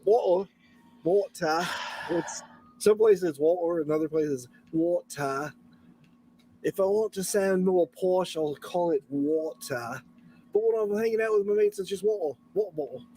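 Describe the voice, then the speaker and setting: A man's voice: high-pitched, moderate pace, mellow, a little hiss or hum. A man hosting a casual stream, playful and goofy, stirring up his friends. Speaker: stream host. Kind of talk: casual banter.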